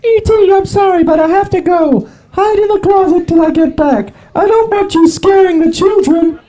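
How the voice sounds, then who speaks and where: A man putting on a high falsetto as a flustered mother in a comic live sketch. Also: moderate pace, mellow, poor audio. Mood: anxious. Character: fussy adult woman, flustered mother. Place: live show in a pub.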